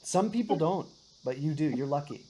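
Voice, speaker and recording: A woman's voice: low voice, lively intonation, normal speed, dark tone. A woman teaching a one-on-one guitar and singing lesson, patiently explaining and often checking in with "right?". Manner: patient, explains with many "right?" checks, sings short demonstrations.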